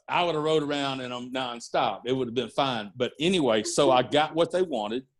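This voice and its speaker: A middle-aged man, a music and wrestling promoter, telling anecdotes in a casual podcast interview, lively and full of fillers. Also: mid-range voice. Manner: animated anecdote-telling with fillers and acted-out quotes.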